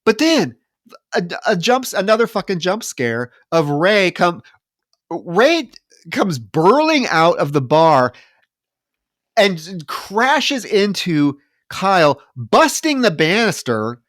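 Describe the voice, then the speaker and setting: A man's voice: high-pitched, sing-song, slow pace, fairly bright tone, dry recording, clean studio sound. A man co-hosting a podcast, griping about a film in casual, profane chat and mocking its scenes. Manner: exasperated, profane, mocking retellings. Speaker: podcast co-host. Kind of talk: casual movie-review chat.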